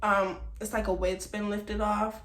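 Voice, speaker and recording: Animated woman telling a story, echoey room. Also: mid-range voice, a little slow. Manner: animated, emphatic, talks straight to viewers as y'all. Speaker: vlogger telling a personal story. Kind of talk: casual storytime to camera.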